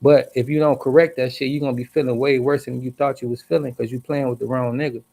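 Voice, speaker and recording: A man tells a story on a livestream as a heated, profane rant, hitting his words hard. His voice has a rough, gravelly edge and sits at a middle pitch. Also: steady tone, fast, mellow. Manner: angry, profane, emphatic.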